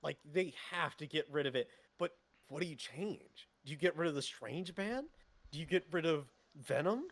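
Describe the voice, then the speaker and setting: Lively male esports co-caster. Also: a little high, normal speed, no room sound. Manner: analytical, stammers on restarts. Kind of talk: esports analysis commentary.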